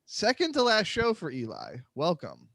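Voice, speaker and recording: A man's voice: high-pitched, wildly swooping pitch, normal speed, vocal fry, fairly bright tone, no echo. A man hosting a live comedy podcast, joking and sarcastic, often trailing off into mumbles. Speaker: podcast host.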